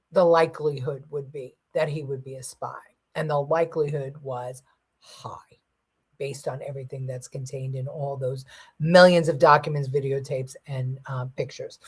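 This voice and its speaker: A woman with a somewhat low voice hosts a casual live-stream talk show. She talks in a loose, hesitant way, full of ums and false starts. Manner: hesitant, many fillers and restarts. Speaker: show host.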